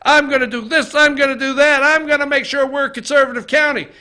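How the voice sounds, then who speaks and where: A man mimicking an eager small-town male politician who reels off brisk, boastful campaign promises. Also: very high voice, fairly even intonation, bright, forceful tone.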